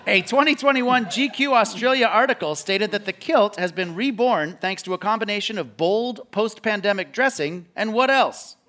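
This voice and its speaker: High bright-voiced male comedy quiz host. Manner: jokey, quick with asides. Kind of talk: live comedy quiz hosting. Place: theatre stage. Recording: live theatre audience, light noise. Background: audience laughing and clapping.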